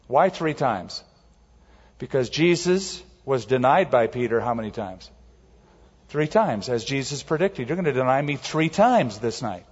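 A man's voice: medium pitch, animated, measured pace, slightly rough. A man preaching a sermon, telling stories animatedly and acting out quotes in a raised voice. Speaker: pastor. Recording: muffled sound in a large reverberant hall.

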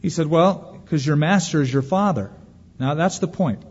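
A man preaching a sermon as pastor, lively, acting out the anxious voices of worriers. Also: a little high, normal speed, breathy edge. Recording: dull lo-fi recording with long hall reverb.

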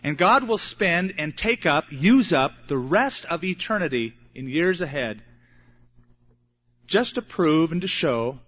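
An older man in his sixties preaching a sermon as pastor, earnest and emphatic with dramatic pauses. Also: on the high side, lively intonation, fairly bright tone. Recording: muffled lo-fi recording.

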